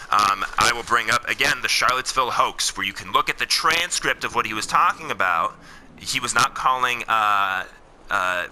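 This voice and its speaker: Male vlogger, lowish pitch, piercing tense tone, angry direct-address rant with swearing. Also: sharp tone, a little hiss or hum. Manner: heated, swears, talks to the audience directly. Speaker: political commentator. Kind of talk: ranting commentary while gaming.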